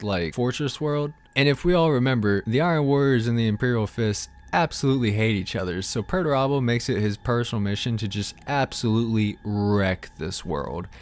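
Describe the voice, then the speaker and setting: Irreverent, foul-mouthed man narrating lore. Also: mid-range voice. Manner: irreverent, profane, slangy. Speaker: host of a lore-explainer channel.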